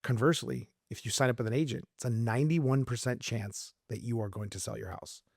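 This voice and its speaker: A man's voice: mid-range voice, brisk, creaky, slightly rough, no room sound, clean studio sound. A middle-aged man from Arizona, a realtor who talks through sales tactics in casual conversation and acts out his calls with clients. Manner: animated storyteller, acts out sales calls in lively voices. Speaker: realtor guest. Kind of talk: casual podcast interview.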